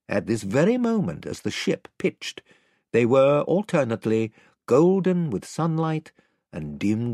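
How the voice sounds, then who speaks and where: A man reads a children's novel aloud with a very animated delivery, his pitch leaping up and down. His voice is husky and sounds dry and close, with no room around it. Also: no room sound. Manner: highly animated storytelling. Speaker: audiobook narrator. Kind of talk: expressive reading of a children's novel.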